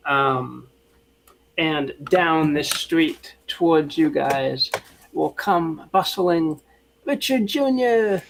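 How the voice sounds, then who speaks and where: A man narrates as game master in a tabletop game, pausing and restarting often. His voice sits a touch high, slow and gravelly. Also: steady tone, fairly bright tone, slight background noise, rough recording.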